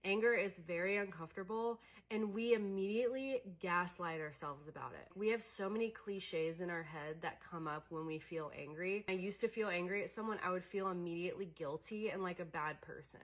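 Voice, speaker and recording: A woman's voice: on the low side, a little fast, few pauses. A young adult woman coaching on emotions in a candid, conversational way, with many fillers. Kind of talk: casual teaching monologue.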